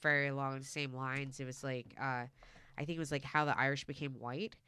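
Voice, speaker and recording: A woman's voice: a bass voice, little pitch movement, brisk, bright, forceful tone, clean tone. A woman hosting a casual chat, talking loosely with many fillers. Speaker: host.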